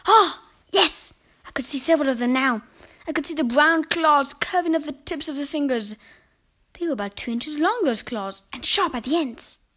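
A woman reading a children's story aloud in an expressive, dramatic way. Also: high-pitched, normal speed.

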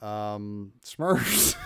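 A man co-hosting a casual podcast, drunk, loud and crude, laughing often. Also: medium pitch, noisy background. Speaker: podcast co-host. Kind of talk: casual chat.

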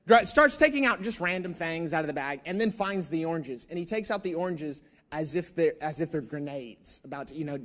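A male pastor preaching, telling a personal story in an animated, self-mocking way with asides to the room. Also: on the high side.

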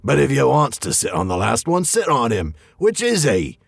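A man voicing a touchy, squabbling male troll in a storybook reading, bickering in a shrill voice. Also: wildly swooping pitch, moderate pace, vocal fry, husky, no echo, clean studio sound, heavily acted. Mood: indignant.

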